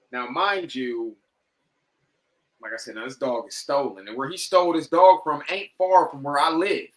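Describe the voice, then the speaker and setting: A man on a podcast telling a story casually, animated and profane, acting out what people said. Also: medium pitch, measured pace, long pauses, rough recording. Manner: animated, profane, acts out quoted lines. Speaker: podcast guest.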